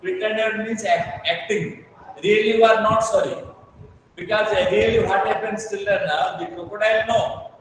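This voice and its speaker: A man teaches a lesson, repeating his explanations patiently and asking whether the class has understood. His voice sits fairly high. He sounds distant in a very echoey room with a long reverb and a faint hiss. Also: fairly even intonation, moderate pace. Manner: patient, repetitive, checks understanding. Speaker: English teacher. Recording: echoey room, mic far off.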